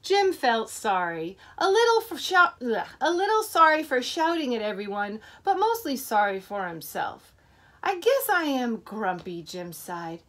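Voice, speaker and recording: A woman teacher reading a picture book to children in an animated way, stopping to ask them questions. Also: on the high side, measured pace, few pauses.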